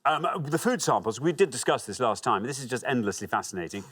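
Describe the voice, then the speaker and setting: A man's voice: mid-range voice, lively intonation, quick pace, a bit bright, breathy edge. A man hosting a TV quiz show, reading clues and teasing contestants in a playful way. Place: TV studio.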